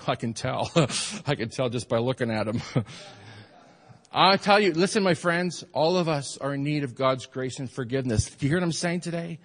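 Animated male pastor in a reverberant church. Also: a little high. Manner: animated and conversational, asks the congregation questions, laughs often. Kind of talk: sermon.

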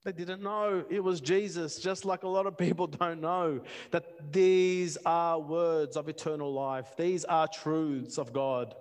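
A man preaching a passionate sermon, repeating words and building to near-shouts. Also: on the high side, fairly even intonation, a little slow, few pauses. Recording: long reverb of a hall.

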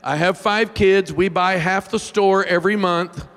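A gravelly, high male voice belongs to a pastor preaching at a measured pace in a church sanctuary with long reverb from the large hall. He tells humorous stories in his sermon, animated and self-deprecating, often lurching into loud whiny voices.

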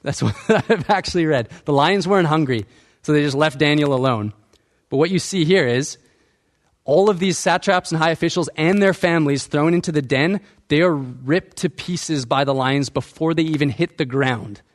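A man's voice: on the high side, normal speed. A male pastor preaching a sermon, asking the congregation questions and acting out quoted lines.

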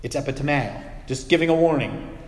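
Man, pastor, sermon, slightly higher voice, conversational teaching, dramatic pauses, long hall reverb. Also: darkish tone.

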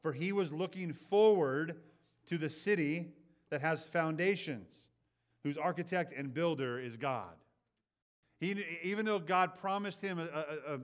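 A man preaching a sermon in an earnest way. He often checks in with the listeners with a quick "right?" and repeats words as he builds his points. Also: a little high. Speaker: pastor.

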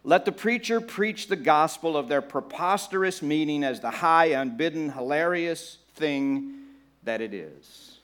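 A man preaching a sermon to a congregation, conversational and animated, acting out the voices of churchgoers and laughing along with the room. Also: a little high, a little slow, slight background noise. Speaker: pastor.

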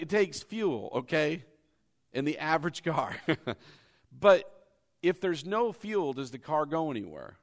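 Lively, animated man preaching a sermon. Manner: animated preaching, leads call-and-response with the congregation; acts out hesitant and doubting voices in a low mumble. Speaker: pastor.

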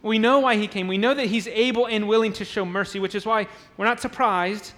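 High-voiced man preaching in an echoing church. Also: steady tone, a little fast, fairly bright tone. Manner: emphatic preaching, acts out crowd voices, repeats words. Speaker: pastor. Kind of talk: sermon. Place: church sanctuary.

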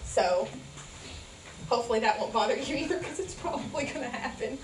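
A woman preaching a sermon, sincere and emotional, with a folksy, down-to-earth delivery. Her voice sits a little high. She is heard from a distance in an echoey church with faint room ambience. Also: lively intonation, brisk, a little hiss or hum. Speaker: guest preacher, pastor's wife. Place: church sanctuary.

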